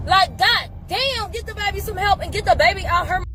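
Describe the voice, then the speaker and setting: High-voiced woman ranting angrily. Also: fairly quick, over a noisy crowd. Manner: angry, repetitive, profane ranting. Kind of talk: ranting commentary clip.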